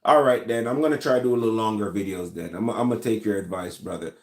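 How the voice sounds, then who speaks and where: A man from Jamaica with a Jamaican accent, hosting a casual chat and answering viewer comments in a relaxed, rambling way with many fillers and restarts. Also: fairly low pitch, quick pace, reverberant. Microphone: recorded in a room with his gun collection.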